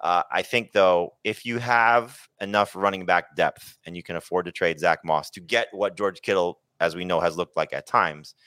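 A low-voiced man hosts a podcast, reading out listener questions and calling on each panelist. His tone is bright and forceful. The sound is close and dry. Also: normal speed, hardly any pauses, no room sound. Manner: reads listener questions, then asks panelists. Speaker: podcast host. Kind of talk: casual podcast hosting.

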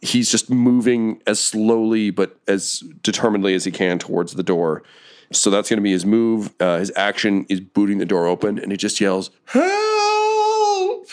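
Low-voiced male game master, vivid playful narration of a tabletop fight. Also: steady tone, moderate pace, darkish tone.

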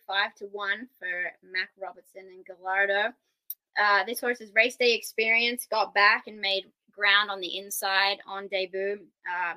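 A woman paddock analyst working through her picks with figures and percentages. Her voice is bright and clear, and her delivery stays steady. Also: mid-range voice, low-quality recording. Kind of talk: casual handicapping podcast chat.

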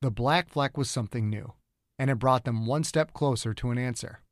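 A man reads a thriller audiobook in a steady, measured way. His voice sits in a middle range and the recording is dry and close, with no room sound. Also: medium pitch, no room sound. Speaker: author and narrator. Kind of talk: scripted audiobook narration.

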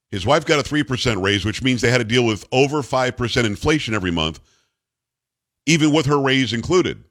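A man's voice: mid-range voice, fairly bright tone. Emphatic male talk radio host. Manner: emphatic, indignant commentary.

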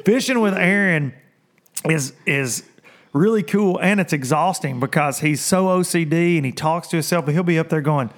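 A male host with a slightly raised voice tells a rambling fishing story, laughing often. He slips into little voices to quote friends, and his delivery stays loose and animated. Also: a little high, moderate pace. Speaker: podcast host. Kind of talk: casual storytelling chat.

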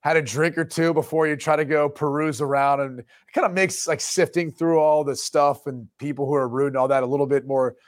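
A man's voice: a little high, fairly even intonation, fairly quick, few pauses. Rambling, laughing man telling a story. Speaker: co-host. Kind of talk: casual sports talk show chat.

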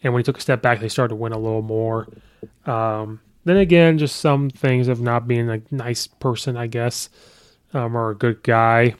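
A man's voice: medium pitch, steady tone, moderate pace, clear, resonant tone, dry recording, clean studio sound. A man hosting a sports podcast, chatting casually and thinking aloud with frequent fillers as he weighs coaching records. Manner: conversational, thinks aloud with ums and you-knows. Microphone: podcast microphone.

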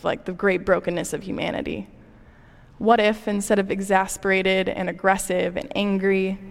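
A woman giving a conversational sermon, preaching in a relatable way with personal stories. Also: mid-range voice. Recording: reverberant hall.

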